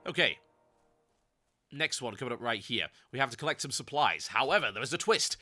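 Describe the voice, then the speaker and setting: A hoarse man with a cold, slightly nasal, talking through gameplay commentary. His voice is very bright and cutting, and he drifts into sarcastic little rants. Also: mid-range voice, lively intonation, fairly quick. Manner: ranty, sarcastic asides. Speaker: game commentator.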